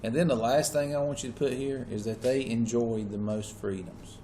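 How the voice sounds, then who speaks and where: A man's voice: medium pitch, fairly even intonation, moderate pace, mellow. Guy teaching history to a class, keeps asking if y'all got it, faint room hiss. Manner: checks in often with students, casual Southern-style phrasing. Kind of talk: classroom lecture.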